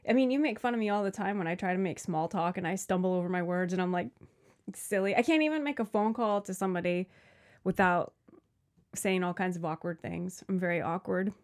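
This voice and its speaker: A woman in her forties co-hosting a podcast in casual chat, teasing her partner and laughing at herself. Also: lowish voice. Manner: teasing, self-deprecating, quick to laugh. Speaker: podcast co-host.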